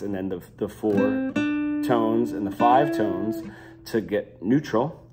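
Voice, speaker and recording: A man's voice: fairly low pitch, measured pace. A young adult man giving an unscripted guitar lesson, talking loosely with many fillers and restarts. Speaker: guitar teacher.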